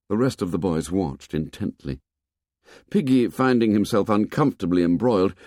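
A man narrating an audiobook with expressive storytelling. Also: lowish voice, no echo, clean studio sound. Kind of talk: scripted narration.

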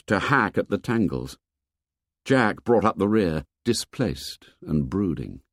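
Brief: male audiobook narrator, low voice, very lively pitch, expressive measured reading. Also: dry recording, studio quality. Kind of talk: scripted narration.

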